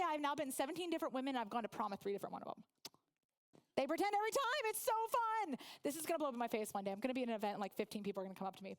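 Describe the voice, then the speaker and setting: A woman in her forties from Oklahoma giving a humorous motivational speech, telling stories and laughing along with the audience. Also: sits high. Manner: lively storytelling, laughs with the audience. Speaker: guest speaker.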